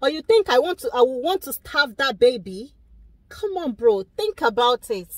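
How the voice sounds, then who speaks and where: Emphatic high-voiced woman vlogger. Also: moderate pace, no echo. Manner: animated, emphatic, addresses viewers directly. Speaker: vlogger reacting to a video. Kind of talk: casual opinionated commentary.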